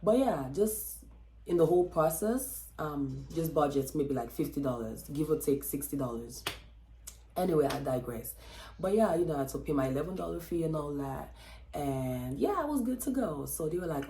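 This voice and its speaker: A woman vlogger telling a personal story in a chatty, expressive way, with lots of fillers and acted-out quotes. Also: deep voice, normal speed, reverberant, a little hiss or hum. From Texas. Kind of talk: casual storytelling vlog.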